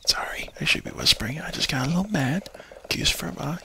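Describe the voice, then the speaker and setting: A man's voice: on the high side, expressive, a little fast, gravelly, bright, forceful tone, a little hiss or hum. A man giving rambling, jokey commentary over a farming game, often dropping to a whisper. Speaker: gameplay commentator. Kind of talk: casual let's play commentary.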